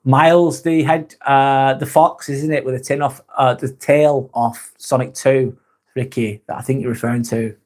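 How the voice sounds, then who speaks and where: A man's voice: mid-range voice, steady tone, normal speed, a little mellow. A man hosting a casual live-stream chat, reading viewer comments aloud and answering them in a blunt, frank way with constant swearing.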